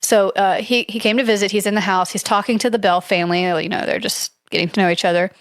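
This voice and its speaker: In studio-quality sound without echo, a woman with a mid-range, fairly even voice talks quickly. She's a podcast co-host chattily recounting a ghost story from notes, hedging with frequent "like"s and "I don't know"s.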